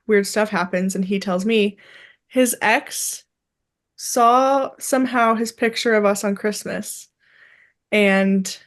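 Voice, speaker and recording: A young woman co-hosting a podcast, chatting casually and telling a story with lively acted-out quotes. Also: medium pitch. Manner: animated storyteller, acts out quotes. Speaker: podcast co-host. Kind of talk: casual chat.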